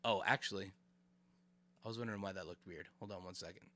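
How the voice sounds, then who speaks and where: A man's voice: sits low, fast talker. A man streaming live, chatting casually with his viewers as he reacts to a clip. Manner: animated, chatty, talks to chat.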